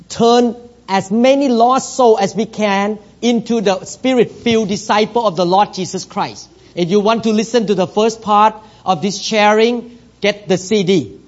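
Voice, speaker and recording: A high-voiced man preaches with a foreign accent, leading his congregation in plain, broken English. He rises into loud, emphatic declarations. The recording is dull and lo-fi. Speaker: pastor. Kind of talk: sermon.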